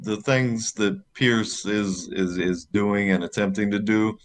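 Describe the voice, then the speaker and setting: A man with a very deep voice offers a measured, deliberate opinion in casual sports chat. He speaks as a podcast co-host. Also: steady tone.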